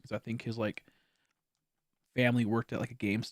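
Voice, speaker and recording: A streamer chatting casually over a game, animated, laughing often and swearing freely. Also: medium pitch, moderate pace, dry recording, clean studio sound. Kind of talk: casual gameplay stream chat.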